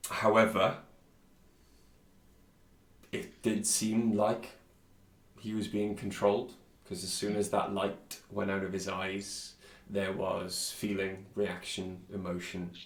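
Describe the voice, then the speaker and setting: A man narrating a tabletop game as dungeon master, often pausing with ums. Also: low-pitched, level tone. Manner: hesitant, many ums. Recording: roomy echo.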